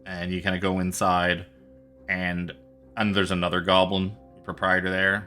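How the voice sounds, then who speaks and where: A man's voice: low voice, monotone, normal speed. A man running a tabletop game as dungeon master, narrating in a casual, rambling way and laughing often. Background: soft background music.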